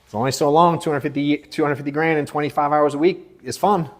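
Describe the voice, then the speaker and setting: A man in his thirties running a live sales coaching session, blunt and profane, moving between forceful emphasis and low, quiet asides. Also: steady tone, fast talker.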